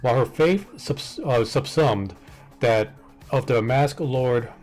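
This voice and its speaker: Man, streamer, reading aloud, stumbles on names, exasperated asides, mid pitch, faint background music. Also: takes it slowly, a little mellow. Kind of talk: casual chat, reading a wiki aloud.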